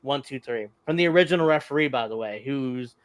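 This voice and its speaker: A man's voice: mid-range voice, fairly quick, no echo. A man hosting a casual wrestling podcast, recapping a match in a rambling way with chuckles. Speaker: podcast host. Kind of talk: casual wrestling review chat.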